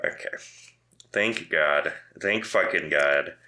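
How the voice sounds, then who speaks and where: A man co-hosting a podcast in casual chat, animated and prone to profane rants. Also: very deep voice, takes it slowly. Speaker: podcast co-host. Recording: roomy echo.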